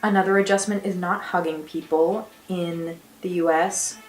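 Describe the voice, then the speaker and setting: A woman's voice: fairly low pitch, fairly even intonation, roomy sound, faint music behind. Chatty young American woman vlogging. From United States. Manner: chatty and upbeat, with quick laughs. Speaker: exchange student vlogger. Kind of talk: casual vlog chat. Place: small attic bedroom with slanted ceiling and beams.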